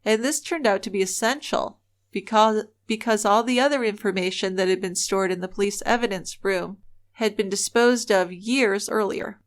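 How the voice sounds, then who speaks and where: A woman with a medium-pitched voice speaks at a normal speed. She co-hosts a true-crime podcast, telling the case casually but earnestly and with plenty of opinion.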